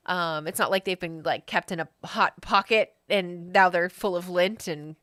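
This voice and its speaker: A woman's voice: fairly low pitch, normal speed, bright, forceful tone, no room sound, clean studio sound. A woman running a tabletop game as game master, chatty and laughing often, with many fillers.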